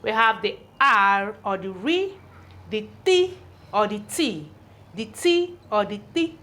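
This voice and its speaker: A woman's voice: medium pitch, very animated, slow, fairly bright tone. A woman teaching English pronunciation, sounding out letters and repeating each word several times. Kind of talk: slow, deliberate classroom teaching.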